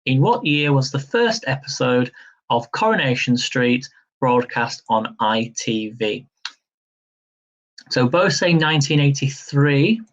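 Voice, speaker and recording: A man's voice: medium pitch, lively intonation, slow, lo-fi sound. A man hosting a live-stream quiz, chatty and upbeat, laughing easily as he reads questions and counts down. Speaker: quiz host.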